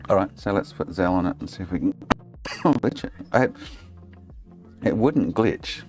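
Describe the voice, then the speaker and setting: A man's voice: low voice, sing-song, takes it slowly, pauses often, soft background music. A man with an Australian accent streaming console repairs, chatting casually and ranting in frustration, swearing a lot. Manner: exasperated ranting, heavy swearing. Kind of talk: casual livestream chat while working.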